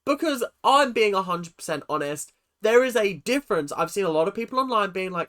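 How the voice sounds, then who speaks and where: Emphatic vlogger, exasperated rant with a swooping, expressive pitch and many rhetorical questions. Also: brisk, few pauses. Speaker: reality TV recap vlogger. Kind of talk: ranting commentary to camera.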